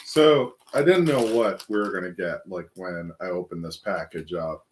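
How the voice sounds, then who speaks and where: Low-voiced man, rambling snack chat. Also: moderate pace, slight background noise. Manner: rambling, hedging with many likes and you-knows. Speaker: co-host of a snack tasting show. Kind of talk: casual snack tasting chat.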